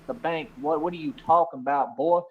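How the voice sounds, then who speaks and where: A man's voice: a little high, fairly quick, narrow, tinny audio. A man from the United States hosting a casual livestream monologue, boastful and swaggering, looping back with "like I said" over and over. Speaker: livestream host.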